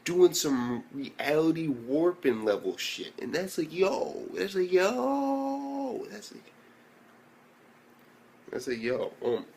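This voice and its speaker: A young man reviewing an anime episode in a casual, excitable rant full of slang and swearing. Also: a little high, slow, gravelly, a little hiss or hum.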